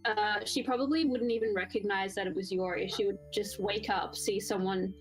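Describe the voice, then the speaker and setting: A woman at a tabletop game who speaks in a plain, matter-of-fact way with a competitive edge. Her pitch is average, and faint music plays under her voice. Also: fairly even intonation, moderate pace. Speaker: player.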